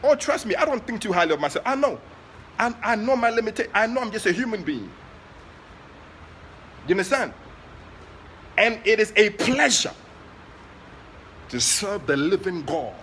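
A man with a Ghanaian accent preaching during an online prayer session, moving between soft asides and loud, passionate exclamations. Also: high voice, big pitch swings, moderate pace, pauses often, a little hiss or hum. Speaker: prophet leading online prayer. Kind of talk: sermon.

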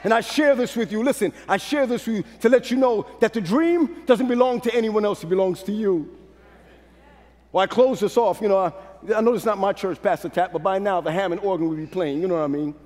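A pastor from Brooklyn, New York preaches briskly in a strikingly high register, leading call-and-response with the crowd. He drops to hushed, confiding lines, then climbs back up to shouted peaks. The long reverb of a large hall rings around his voice.

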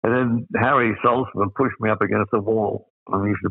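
A man's voice: lowish voice, fairly even intonation, moderate pace, gravelly, husky, no echo, phone-quality sound. An older Australian man telling rambling anecdotes as an interview guest, full of fillers. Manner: rambling, with many uh fillers and laughs. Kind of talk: anecdotal storytelling.

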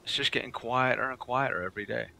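A man's voice: medium pitch, fairly even intonation, fast talker, creaky, bright, forceful tone. A man streaming a game live, chatting casually with his viewers in a rambling way that repeats itself.

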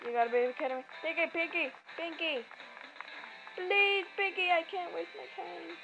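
A woman's voice: very high-pitched, steady tone, moderate pace, gravelly. A woman giving casual, rambling commentary while playing a game, stumbling over her words with lots of ums. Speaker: gamer. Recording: muffled lo-fi, faint game music.

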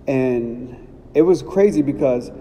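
A middle-aged man from Ohio telling casual stories as a podcast host, animated and acting out quotes. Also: mid-range voice, takes it slowly. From Cincinnati, Ohio. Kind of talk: casual storytelling. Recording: long reverb, faint background noise.

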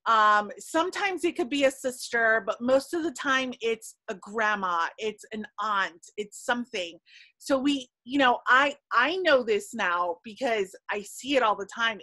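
A woman who does dress fittings, telling a story on a discussion panel in animated style with frequent fillers. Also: on the high side, unhurried. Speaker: panelist and dress alterations specialist.

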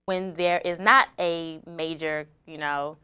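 A woman's voice: low voice, steady tone, takes it slowly, bright, forceful tone, smooth. A woman hosting a talk show, asking questions and affirming her guest politely. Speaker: host.

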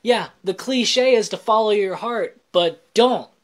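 A man's voice: high-pitched, measured pace. A man on a casual Christian vlog who explains scripture in plain words and mixes in joking, self-deprecating asides. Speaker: Christian vlogger. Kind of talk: casual faith vlog talk.

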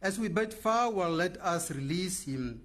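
A man delivering a formal eulogy speech in a measured, oratorical manner. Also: high voice, lively intonation, fairly bright tone. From Namibia. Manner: measured, oratorical, lists words with pauses. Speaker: memorial speaker.

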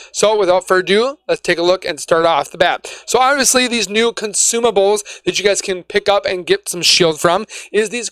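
A man's voice: high voice, fairly bright tone, clean tone, no echo. Man, gaming channel host, casual rambling talk, stumbles on words, dry sound. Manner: chatty and rambling, trips over words. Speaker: gaming YouTuber. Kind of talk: casual gaming news vlog.

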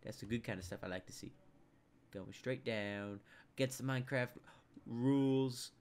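A young man giving casual commentary over a game he plays, mumbling to himself one moment and shouting the next. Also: mid-range voice, moderate pace. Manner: excitable, jumps from mumbling to loud outbursts. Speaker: gameplay commentator. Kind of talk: casual let's play commentary.

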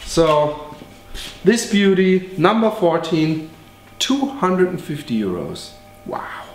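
A man pitching his own paintings in a joking, exaggerated, profane way, in an echoey room. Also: wildly swooping pitch, measured pace.

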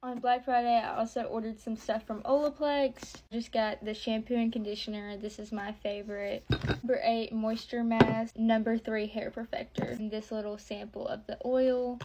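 A woman casually showing off her shopping haul, listing items quickly and gushing about how cute they are. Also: on the high side, darkish tone, slight background noise, rough recording. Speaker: haul vlogger.

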